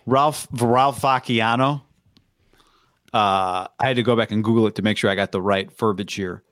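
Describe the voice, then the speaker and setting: A man's voice: fairly low pitch, moderate pace, a bit bright, no echo, studio quality. A man co-hosting a casual football podcast, telling stories loosely and acting out what coaches say. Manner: loose storytelling, acts out coaches' quotes. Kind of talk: casual sports chat.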